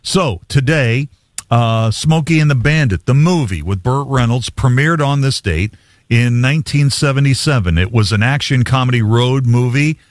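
A man's voice: mid-range voice, moderate pace, no room sound, studio quality. A man hosting a sports radio call-in show, chatty, reading trivia with easy asides.

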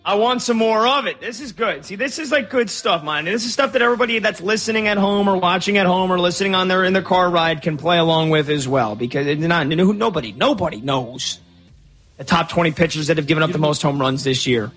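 A male sports radio host who talks in a chatty, opinionated and playful way. His voice sits a touch high for a man. He speaks into a studio mic with faint music running underneath. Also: fairly quick, a bit bright. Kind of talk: casual sports talk. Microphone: studio microphone.

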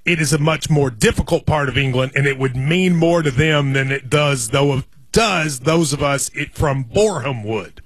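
A man's voice: medium pitch, normal speed, few pauses, slightly rough. A man in his forties co-hosting a sports radio show, telling an enthusiastic, rambling fan story in casual banter. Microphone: studio microphone.

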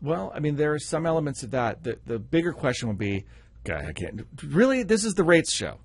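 A man's voice: a little high, very animated, a little fast, gravelly, breathy edge, dry recording. A man co-hosting a radio show, chatting casually and pragmatically, with a wry manner and frequent laughs. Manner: pragmatic, wry, laughs often, acts out quotes.

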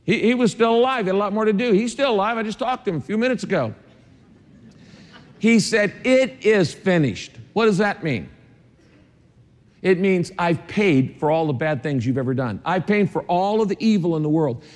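A man with a high-pitched voice preaches a sermon, hammering his points home through repetition and slipping in dry asides. His voice rings out with the long reverb of a large church auditorium. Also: animated, fairly quick. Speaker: pastor.

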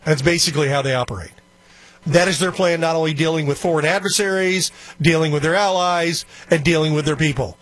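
A man's voice: fairly high pitch, a little fast, fairly bright tone, dry recording. A man hosting a talk radio show, chatting in a rambling, opinionated way. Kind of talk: casual talk radio commentary. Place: radio studio.

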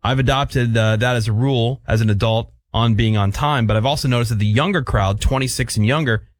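A middle-aged man co-hosting a chat show, talking in a rambling, blunt way and tripping over his own starts. His voice sits at an ordinary pitch and sounds dry and close to the mic. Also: a little fast, no echo. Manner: rambling, restarts sentences, blunt. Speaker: radio show host. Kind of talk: casual chat.

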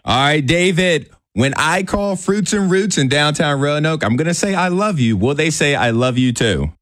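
A man's voice: fairly high pitch, lively intonation, moderate pace, a bit bright, no room sound. A man hosting a morning radio call-in game, upbeat and playful, talking into a studio microphone. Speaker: radio host.

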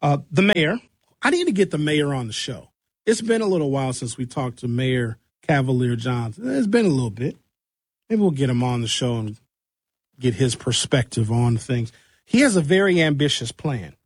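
A man hosting a talk show who is hoarse from recent shouting, giving blunt, conversational commentary on local news and asking rhetorical questions. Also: medium pitch, sing-song, normal speed, no room sound, studio quality.

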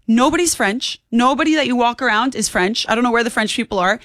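Brief: woman in her 20s, radio guest, rapid, emphatic delivery, slightly high pitch. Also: fairly bright tone, no echo, clean studio sound. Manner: emphatic, insistent, repeats for punch. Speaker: political commentator guest. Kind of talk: opinionated talk-radio interview.

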